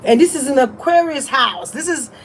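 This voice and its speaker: A high-voiced woman reading tarot who rants bluntly and defiantly. She swears freely and laughs between points. Faint noise sits under her voice. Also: expressive, normal speed. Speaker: tarot reader. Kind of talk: casual livestream rant.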